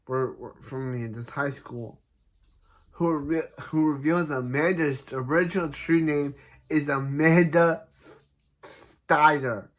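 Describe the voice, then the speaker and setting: A man's voice: fairly high pitch, steady tone, measured pace. A man casually recapping a TV episode, rambling and restarting sentences, paraphrasing each character with "he's like". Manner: laughs at a character's name.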